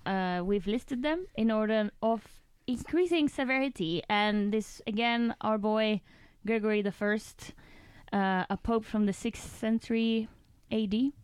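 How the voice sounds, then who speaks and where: A woman's voice: on the high side, a little slow, few pauses, a little mellow, smooth, no echo. A woman from Spain with a Spanish accent, co-hosting a casual podcast chat and laughing often. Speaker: podcast co-host.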